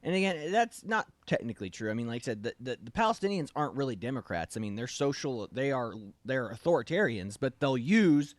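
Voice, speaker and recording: A man's voice: medium pitch, very animated, a little fast, few pauses, no echo. A man hosting a casual political talk show, speaking emphatically and animatedly, often acting out the voices of the people he quotes. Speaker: show host.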